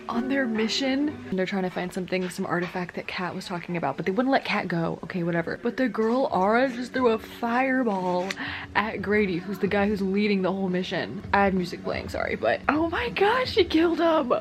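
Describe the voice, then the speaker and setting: A young woman recapping a novel in a chatty, gushing way, filling her talk with "like" and quick acted-out quotes. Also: mid-range voice, a little hiss or hum. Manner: chatty, gushing, full of "like" and quick voiced asides. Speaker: book vlogger. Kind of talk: casual book recap.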